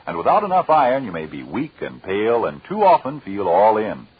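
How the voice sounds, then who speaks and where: A man's voice: on the low side, huge pitch swings, brisk, husky, dry recording. A male radio announcer reading persuasive ad copy in an emphatic, old-time manner. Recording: dull old radio recording.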